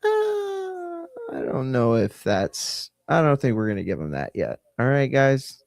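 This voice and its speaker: A man's voice: medium pitch, very animated, moderate pace, gravelly, smooth, no echo. Man casually hosting a live stream, dry. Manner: loose, rambling, offhand with viewer shout-outs.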